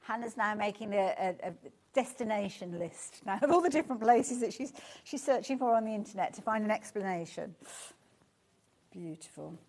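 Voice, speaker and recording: A woman presents a live shopping show, chatting warmly about the items and gushing enthusiastically over viewer comments. Her voice is medium-pitched and animated, at a normal speed.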